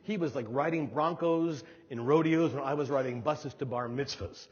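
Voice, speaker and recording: A middle-aged man from New Jersey giving a humorous storytelling keynote speech, acting out voices with animated delivery. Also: mid-range voice, normal speed, husky. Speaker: keynote speaker. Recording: dull hall recording with long reverb.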